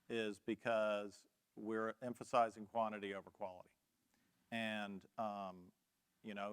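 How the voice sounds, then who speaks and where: A man's voice: lowish voice, fairly bright tone, clear, resonant tone. A man on a panel discussion, speaking directly and plainly.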